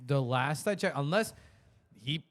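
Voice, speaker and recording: Slangy, higher-voiced podcast host man. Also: a little slow. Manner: animated storyteller, slangy, drops "dude" and "bro". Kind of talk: casual chat.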